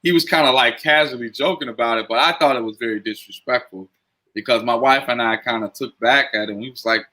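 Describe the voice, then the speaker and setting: A man's voice: mid-range voice, fast, pushed and bright, poor audio. A man on a sports talk show, speaking hesitantly with many fillers. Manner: hesitant, full of "uh" and "you know".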